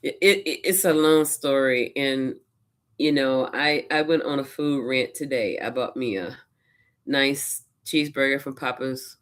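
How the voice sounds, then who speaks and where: A Louisiana woman with a low, rumbling voice speaks a little slowly as she chats casually in her vlog. She recounts her days as personal stories, dropping in quoted asides along the way.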